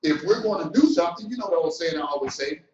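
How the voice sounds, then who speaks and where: A middle-aged man giving a motivational business talk, animated and preacher-like, swinging between loud and soft. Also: fairly high pitch, quick pace, faint music behind. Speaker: business coach. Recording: roomy, distant, dull sound.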